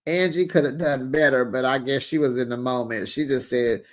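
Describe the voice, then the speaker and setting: Animated chatty reality-show recap host. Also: medium pitch, moderate pace, few pauses. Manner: animated, exclaims and laughs, mimics cast members; colloquial, talks straight to viewers. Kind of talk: casual commentary recap.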